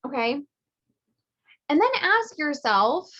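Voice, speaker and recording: A woman business coach teaching in a casual, lively way, acting out little quoted voices with big jumps in pitch. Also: measured pace, dull audio. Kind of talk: teaching monologue.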